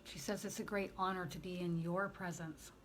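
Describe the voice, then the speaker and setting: A woman working as a spiritual medium, passing on messages in a gentle, emotional way during a channeling session. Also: lowish voice, level tone, moderate pace, slight background noise.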